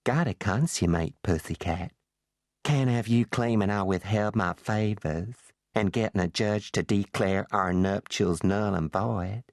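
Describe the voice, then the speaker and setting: A man's voice: lowish voice, no echo, studio quality. Man doing a purring Southern bombshell woman. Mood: purring scornful. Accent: Southern American. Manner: purring, slow, teasing. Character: sultry Southern American bombshell wife, scheming, purring.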